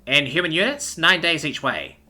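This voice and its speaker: Halting alien male, voiced by a man. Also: a little high, sing-song, bright, forceful tone, soft background music, voice pushed up, heavily acted. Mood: reserved. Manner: halting, faltering phrasing. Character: reserved male alien speaking broken English.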